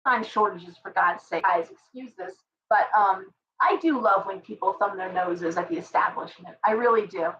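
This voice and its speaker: A middle-aged woman hosting a casual livestream tarot reading, chatty and ranting with animated asides. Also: mid-range voice, normal speed, hardly any pauses, far from the mic, lo-fi sound. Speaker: tarot reader and live stream host.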